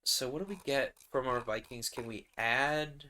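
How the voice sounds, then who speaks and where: A man's voice: mid-range voice, normal speed, pushed and bright. A man narrating his solo tabletop game in a rambling, casual way, laughing often.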